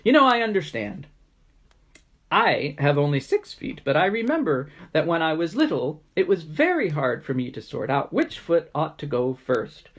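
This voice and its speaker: A woman voicing a big old wise spider who explains things gently and kindly. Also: low-pitched, exaggerated voice.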